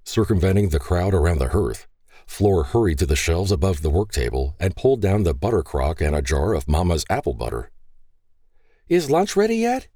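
Male audiobook narrator, very low, mellow tone, animated delivery. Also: brisk, breathy edge, no echo, studio quality. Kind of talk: scripted narration.

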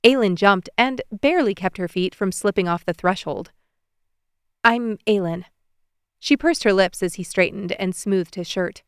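A woman narrates an audiobook in an even, measured way. Her voice is smooth and clear, of middling pitch. The recording is dry and close, with no room sound. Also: no echo.

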